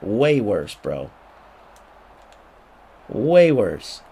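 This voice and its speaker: A man's voice: fairly low pitch, very animated, extremely slow, mellow, husky. Angry, swearing man ranting over gameplay. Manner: angry, profane, repetitive ranting; mocking voice when quoting others. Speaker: gaming YouTuber.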